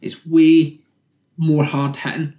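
A man's voice: fairly high pitch, little pitch movement, takes it slowly, warm tone, reverberant. A young man, a podcast co-host, chatting casually about a film with sweary, jokey banter.

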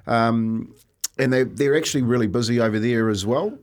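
A man's voice: mid-range voice, moderate pace. Middle-aged man, sports radio co-host, rambling anecdotes, casual. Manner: rambling, animated storytelling with restarts. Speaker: radio sports co-host, former rugby league player.

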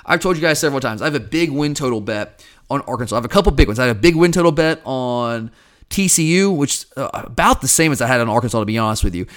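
A man hosting a casual sports podcast, chatty and animated, often calling his listeners guys. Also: mid-range voice, quick pace.

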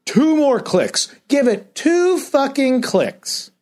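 Animated ranting man, high lively voice. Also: takes it slowly. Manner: ranting, profane, exasperated; self-described comedian. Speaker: podcast co-host. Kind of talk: casual chat.

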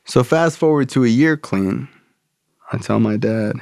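A man's voice: mid-range voice, normal speed, creaky, a little mellow, no echo. A man sharing his recovery story in profane, casual, slangy talk. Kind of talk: personal storytelling.

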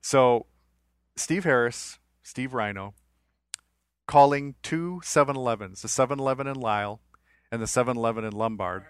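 A man's voice: medium pitch, moderate pace, clear, resonant tone, no echo, clean studio sound. A man co-hosting a podcast, telling a story in a rambling, anecdotal way. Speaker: podcast co-host. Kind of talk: casual storytelling.

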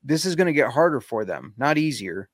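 A male podcast co-host in casual chat who argues his opinions in a measured way, with some casual swearing. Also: medium pitch, big pitch swings, husky, no room sound, clean studio sound.

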